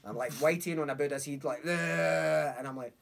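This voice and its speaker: A young man with a Glasgow accent, telling a story in a casual chat, animated, acting out voices and swearing freely. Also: fairly high pitch, normal speed, vocal fry, a little hiss or hum. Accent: Scottish, Glasgow. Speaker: podcast guest.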